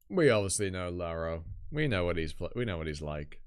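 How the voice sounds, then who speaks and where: A man's voice: sits low, sing-song, a little fast, hardly any pauses, clear, resonant tone. A British man hosting a live webtoon read-through, chatty, enthusiastic and self-deprecating. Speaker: reaction host. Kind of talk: casual live-stream commentary.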